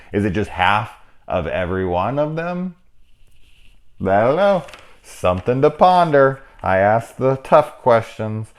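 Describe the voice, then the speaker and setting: A man in his forties giving a casual, rambling film review, swearing freely and laughing at his own jokes. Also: lowish voice. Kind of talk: casual spoilery movie discussion.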